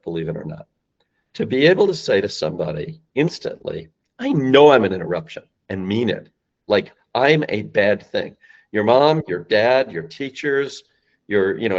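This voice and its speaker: Male podcast guest, deep-ish, very lively delivery, dull lo-fi audio. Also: normal speed. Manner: emphatic, acts out phone lines, rising and falling voice. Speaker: guest, sales company founder. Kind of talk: animated podcast explanation.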